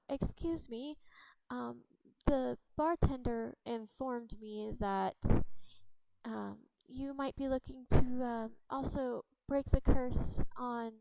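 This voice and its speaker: A woman's voice: high-pitched, creaky, warm tone, clean tone, no echo, voice pushed up, heavily acted, poor audio. A woman voicing a shy young princess who stammers and hesitates when she speaks.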